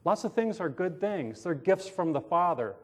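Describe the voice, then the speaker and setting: A man's voice: high-pitched, animated, normal speed. A man preaching a conversational sermon in a casual tone, often asking his listeners questions and calling himself sarcastic. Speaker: pastor.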